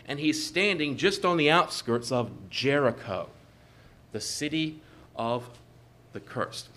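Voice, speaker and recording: A man preaching a sermon in a measured, emphatic way, repeating key phrases for stress. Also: mid-range voice, expressive, sharp tone.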